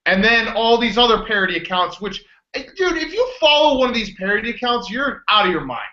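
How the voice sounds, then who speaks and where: A man's voice: extremely high pitch, sing-song, fairly quick, bright, forceful tone, reverberant, dull audio. A man co-hosting a casual blog show, arguing and telling stories with exasperation. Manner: argumentative, exasperated storytelling. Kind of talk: casual sports-blog banter.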